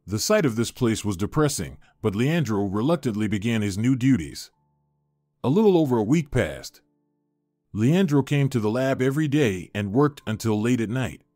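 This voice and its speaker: A man reading a scripted dramatic story aloud as narrator, in an expressive storyteller voice. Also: mid-range voice, moderate pace, no room sound, studio quality, faint music behind.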